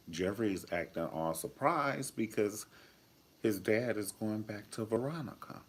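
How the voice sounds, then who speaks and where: A man's voice: extremely low pitch, slightly rough. A man reviewing a TV episode in a casual vlog, flamboyant, sassy and profane. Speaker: TV show reviewer.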